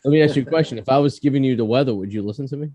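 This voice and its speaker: A man's voice: medium pitch, rapid-fire, mellow, highs cut off. A man with a Boston accent hosting a casual podcast interview, cracking self-mocking jokes. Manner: joking, self-mocking banter. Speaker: podcast host.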